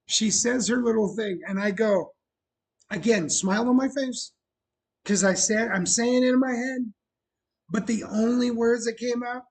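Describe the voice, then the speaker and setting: On his casual show about opening a bar, the host's voice sits very high, a little mellow and slightly rough, and his pace is a little slow. He is chatty and self-deprecating and laughs frequently.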